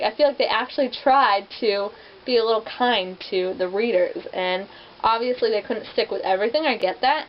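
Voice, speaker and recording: A young woman reviewing movie adaptations in a casual vlog, chatty and rambling, full of "like" fillers. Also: a little high. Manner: chatty, rambling, heavy use of "like". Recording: dull lo-fi with faint hiss.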